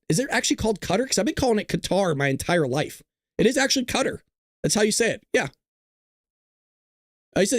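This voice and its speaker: A man's voice: high-pitched, no echo, clean studio sound. A man hosting a live political talk show, reading news items aloud and commenting on them with sarcasm.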